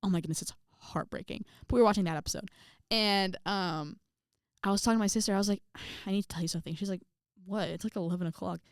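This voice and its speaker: Chatty young woman with a smooth voice. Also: medium pitch, quick pace, no echo, clean studio sound. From Indiana, USA. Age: young adult. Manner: chatty, animated, many fillers, acts out quotes. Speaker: vlogger. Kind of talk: casual storytelling to camera.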